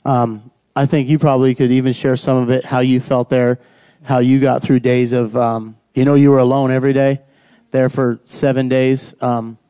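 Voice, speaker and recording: A man tells his family's faith story in a relaxed, conversational way. His voice is mellow and warm, and he often slips into short quoted asides. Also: medium pitch, normal speed, clean tone. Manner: casual, earnest, uses quoted asides. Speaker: husband sharing testimony.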